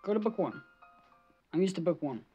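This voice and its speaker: A woman's voice: on the low side, animated, a little fast, warm tone, breathy edge, faint music behind. A woman gamer giving live gaming commentary, jumpy, swearing and shrieking at scares, on a slightly dull lo-fi mic.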